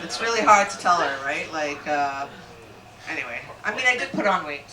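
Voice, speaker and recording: A middle-aged woman doing a stand-up comedy set, brash and crude, rising to shouted rants. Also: low-pitched, lively intonation, normal speed. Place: comedy club stage with audience. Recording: echoey room, distant mic, loud crowd noise.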